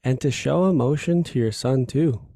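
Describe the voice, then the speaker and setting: A man's voice: medium pitch, normal speed, creaky, mellow, no echo, clean studio sound. A man hosting a podcast, chatting in a laid-back, encouraging and affirming way. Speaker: podcast host. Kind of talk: casual conversation.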